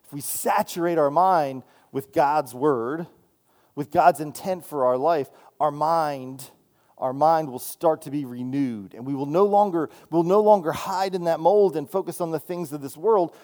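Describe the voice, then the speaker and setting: A man's voice: fairly high pitch, normal speed, darkish tone. A man preaching as a student minister, talking in a loose, conversational way and checking in with "right?" as he goes. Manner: conversational, repeats "right?" and restarts often. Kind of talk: sermon.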